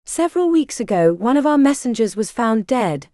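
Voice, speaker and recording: A woman's voice: a little high, big pitch swings, moderate pace, dark tone, no echo, studio quality. A woman reading as a stern, weary king. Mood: grave. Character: stern weary middle-aged Scottish king.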